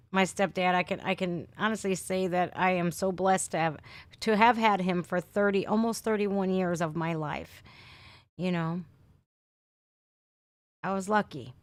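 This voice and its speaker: Chatty woman streamer with a low voice. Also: fairly even intonation, a little slow, long pauses, dry recording. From Northeast Ohio. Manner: chatty, swears freely, says "man" and "dude". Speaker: livestream host. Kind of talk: casual livestream chat reading comments.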